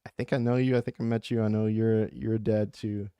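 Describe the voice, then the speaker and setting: A man's voice: on the low side, little pitch movement, brisk, dark tone, clear, resonant tone, no room sound. A man hosting his own channel, chatting casually about a book and reading out viewer comments, rambling, joking and getting fired up. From United States. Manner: impassioned, rambling, jokey. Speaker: audiobook narrator and channel host.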